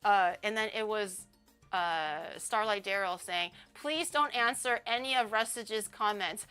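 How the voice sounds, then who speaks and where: A woman's voice: medium pitch, a little slow, pushed and bright, clear, resonant tone, soft background music. A young woman streamer telling a story in a casual, rambling way, often laughing as she goes.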